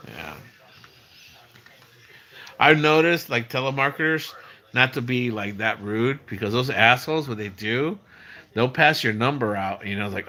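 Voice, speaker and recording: Middle-aged male streamer, bright voice, rambling casual chat, lots of restarts and fillers. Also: mid-range voice, moderate pace. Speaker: livestream host.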